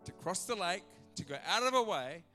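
In a church auditorium, an animated male pastor preaches a sermon, putting on little voices as he tells stories. He speaks fairly quickly in a slightly high, bright, forceful voice, with soft music playing faintly behind him.

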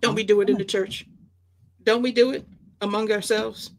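A woman co-hosting a ministry podcast, talking through a Bible parable in a lively, conversational way and slipping into character voices. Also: mid-range voice, moderate pace. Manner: animated, acts out the characters she describes.

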